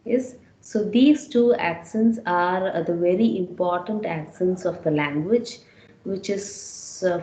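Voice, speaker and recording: A woman teaching a language class in a slow, unhurried voice, pitched a little low. She repeats each word patiently so students can catch it. The room echoes noticeably around her. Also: mellow. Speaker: French teacher. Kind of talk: classroom lecture.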